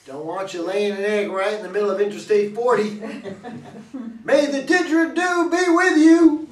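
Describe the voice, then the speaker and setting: A man reads a swaggering old cowboy huckster with a folksy drawl and a high-pitched voice. He is heard from across a roomy, echoing hall, as at a stage reading. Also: fairly even intonation, quick pace, lightly acted. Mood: cocky, folksy. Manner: folksy drawl, hammy and salesman-like. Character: boastful older male cowboy running a roadside museum. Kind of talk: reader's theater stage reading. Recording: echoey hall from far off.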